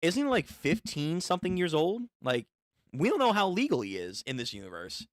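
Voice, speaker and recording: A man's voice: on the high side, wildly swooping pitch, fairly quick, no room sound, studio quality. A man casually reading a manga aloud for his channel, joking and reacting between the panels. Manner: chatty, joking reactions, repeats words. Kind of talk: casual read-through with commentary.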